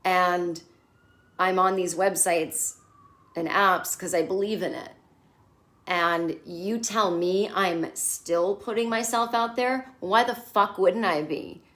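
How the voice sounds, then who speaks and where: A woman's voice: fairly low pitch, steady tone, takes it slowly, a bit bright. A blunt, frank single woman speaking her mind, as a woman voices her. She is matter-of-fact and unsoftened, close to the speaker's everyday voice.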